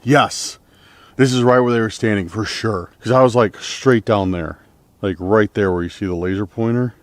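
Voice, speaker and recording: A man's voice: fairly low pitch, moderate pace, no echo. A man vlogging to camera on a forest trail at night, rambling uneasily and packing his talk with fillers. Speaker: outdoor vlogger exploring trails.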